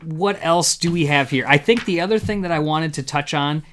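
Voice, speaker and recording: A man's voice: fairly high pitch, moderate pace, a bit bright. A man hosting a casual live review show, talking in a rambling, upbeat way with many fillers. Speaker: podcast host.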